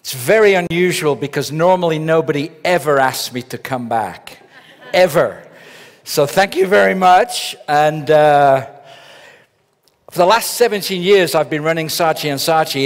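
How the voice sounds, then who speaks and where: A middle-aged man giving a humorous conference keynote, telling stories that build to punchlines. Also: on the high side. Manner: joking, storytelling with punchlines. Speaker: keynote speaker. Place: large conference hall. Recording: long reverb of a large hall.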